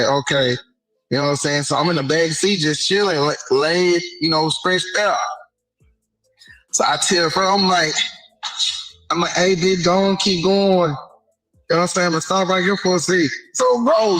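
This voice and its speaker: A man with a somewhat high voice tells a story in loose street slang, stopping often to check in with his listener. He acts out both sides of each exchange as he goes, and faint music sits underneath. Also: bright, forceful tone, no echo, poor audio. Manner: slangy, keeps repeating a filler question and acting out dialogue. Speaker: interview guest. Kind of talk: casual storytelling.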